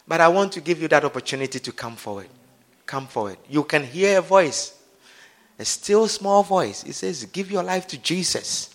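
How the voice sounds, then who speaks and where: A man preaching as a pastor, leading an altar call and a prayer in a slow, repetitive, pleading manner. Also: sits high, sing-song.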